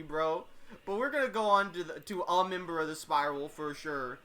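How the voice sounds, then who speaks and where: A man hosting a fighting-game tournament stream, chatting casually, rambling and swearing with quick laughs. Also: on the high side, sharp tone. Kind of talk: casual live-stream chat.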